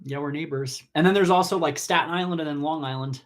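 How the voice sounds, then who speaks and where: A man from New Jersey hosting a casual live-stream Q&A on cosmetology, chatty and rambling, with sudden excited jumps in pitch. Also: fast. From New Jersey, USA. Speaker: cosmetology educator and host. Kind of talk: casual live-stream Q&A reading viewer comments.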